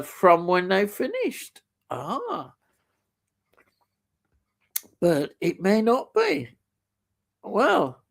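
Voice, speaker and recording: A man's voice: a little high, gravelly. A middle-aged man chatting casually on a live stream, rambling enthusiastically with many fillers and restarts as he reads out viewer comments.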